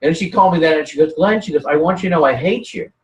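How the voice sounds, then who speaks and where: Male guest, animated storyteller, slightly high voice, roomy distant recording. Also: rapid-fire. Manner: rambling, animated storytelling with many restarts. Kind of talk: casual conversational chat.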